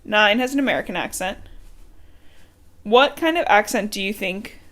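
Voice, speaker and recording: A woman's voice: medium pitch, expressive, moderate pace, a bit bright. A woman co-hosting a podcast, chatting casually about a book in a teasing way and laughing often. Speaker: podcast co-host.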